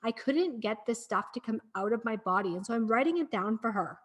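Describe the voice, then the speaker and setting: Earnest, encouraging woman, slightly high voice. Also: expressive, brisk, fairly bright tone. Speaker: podcast guest, breathwork practitioner. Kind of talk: casual podcast conversation.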